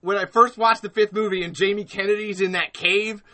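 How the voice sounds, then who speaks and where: A young man chatting casually as a fan, excitable, with loud whiny outbursts and low musing stretches. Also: brisk. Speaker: podcast guest.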